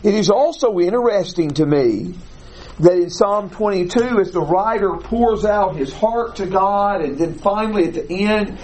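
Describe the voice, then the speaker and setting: A man teaching a classroom Bible lesson, explaining deliberately and putting questions to the class. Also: sits high, a little mellow, low-quality recording.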